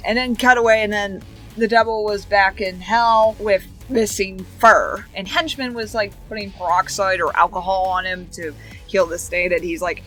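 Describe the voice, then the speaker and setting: A woman's voice: mid-range voice, a bit bright. A woman recapping cartoon episodes in a casual, rambling way, chaining events with "and then" and "like", with giggly asides. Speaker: show reviewer.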